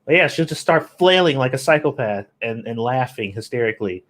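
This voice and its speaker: A laid-back man co-hosts a casual chat show. He tells his story loosely, with slang and little pauses. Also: mid-range voice, expressive, fairly bright tone. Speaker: co-host.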